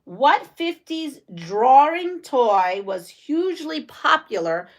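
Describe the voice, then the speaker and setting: A woman from the United States chats through a morning quilting live stream in a slightly high voice. She talks slowly and laughs often as she reads viewer comments aloud. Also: sing-song. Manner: chatty, laughs often, amused.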